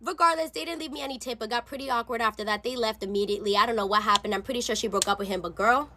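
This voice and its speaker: Fast, bright-voiced sassy young woman. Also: on the high side. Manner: sassy, profane, slangy. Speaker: storytime creator. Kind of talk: casual storytime. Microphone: phone.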